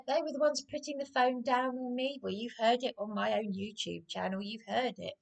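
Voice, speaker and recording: A woman's voice: fairly high pitch, fairly even intonation, a little fast, vocal fry, hardly any pauses. Agitated woman ranting. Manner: accusatory, repetitive, stumbling over words. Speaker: YouTuber. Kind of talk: angry rant to camera.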